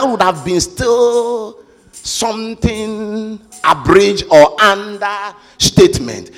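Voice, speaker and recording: A male preacher giving an impassioned sermon, shouting and chanting his lines. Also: high-pitched, very slow, long reverb tail, soft background music.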